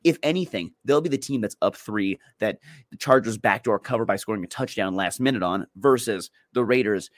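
Lower-voiced man talking betting picks. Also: fairly quick, no echo, studio quality. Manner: chatty, self-deprecating, repeats words while thinking. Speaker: sports betting podcast co-host. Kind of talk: casual betting picks chat.

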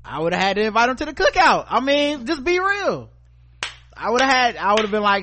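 A man's voice: very high voice, big pitch swings, normal speed, sharp tone. A man co-hosting a podcast, riffing in casual comedic chat with profane, laughing delivery. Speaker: podcast co-host.

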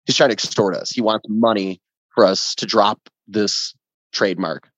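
A man guest telling a story on a podcast, animated, swearing freely and acting out what others said. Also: on the low side, normal speed, no echo. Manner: animated, acts out quoted voices, swears freely. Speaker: band member guest. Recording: dull lo-fi dry sound.

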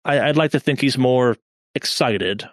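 A man's voice: medium pitch, moderate pace, no echo, studio quality. A man narrating a tabletop game as game master in a casual, hedging way.

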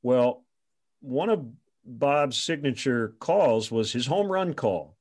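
A former radio sports reporter telling stories in an interview, animated and chuckling often. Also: male voice, medium pitch, slow. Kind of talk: storytelling in an interview.

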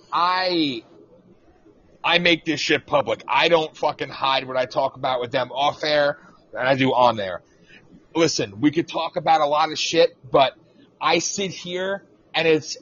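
A man's voice: on the high side, fairly bright tone. A man hosting a talk radio show, ranting off the cuff with profane passion. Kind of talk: unscripted talk radio rant. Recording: slightly muffled lo-fi audio.

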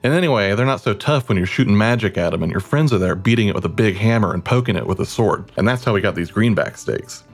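A man voicing an excitable, animal-loving adventurer who chattily recounts a fight in a mock interview. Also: fairly low pitch, fast, hardly any pauses, husky. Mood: excited. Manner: rambling, chatty, exaggerated quoted voices. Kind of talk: mock interview role-play.

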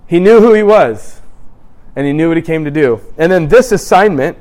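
A man preaching a sermon in an animated way, acting out scripture scenes in different voices. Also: a little high, moderate pace.

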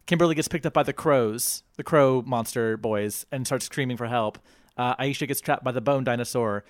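A man's voice: mid-range voice, moderate pace, dry recording, studio quality. A man co-hosting a casual chat, recounting scenes and acting out the characters' voices. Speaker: podcast co-host.

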